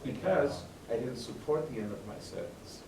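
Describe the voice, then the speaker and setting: This school band conductor has a medium-pitched, expressive voice and talks at a normal speed. Recorded off-mic in a roomy space with a noisy background and the band playing, he coaches between passages and often asks if things make sense.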